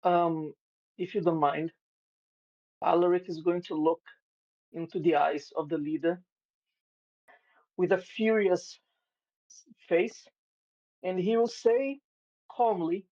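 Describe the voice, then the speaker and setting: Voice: medium pitch, slow pace, pauses often, darkish tone. A tabletop player who politely describes his character's actions in third person, on a dull lo-fi mic. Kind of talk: casual tabletop role-play.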